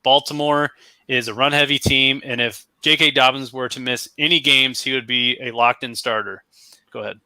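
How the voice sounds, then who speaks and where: A man co-hosting a casual sports podcast, thinking out loud and correcting himself as he talks through his draft picks. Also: mid-range voice, steady tone, normal speed, dry recording. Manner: conversational, thinks aloud, self-correcting. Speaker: podcast co-host.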